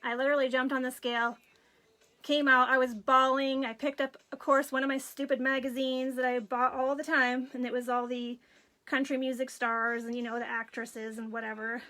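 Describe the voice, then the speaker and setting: Woman in her 40s, high bright voice, teary and sniffly while telling her story. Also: flat delivery, moderate pace. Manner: emotional, tearful storytelling with quoted dialogue. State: crying, runny nose. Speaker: craft vlogger. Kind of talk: personal story on a live video.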